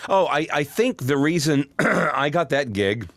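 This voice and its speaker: A middle-aged male voice actor telling stories in a casual interview, snarky and animated. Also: on the high side, unhurried, gravelly, dry recording. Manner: storytelling, animated. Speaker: voice actor guest.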